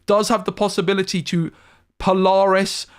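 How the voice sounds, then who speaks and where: Brisk male esports caster, slightly high voice. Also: flat delivery, clean tone. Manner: brisk analytical play-by-play with thinking-aloud asides. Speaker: tournament caster. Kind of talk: live esports play-by-play commentary.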